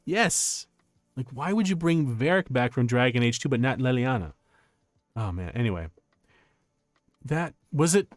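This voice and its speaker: A young man streaming casual chat, telling stories in an animated, rambling way with many restarts. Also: medium pitch, measured pace, pauses often, no echo, studio quality, soft background music.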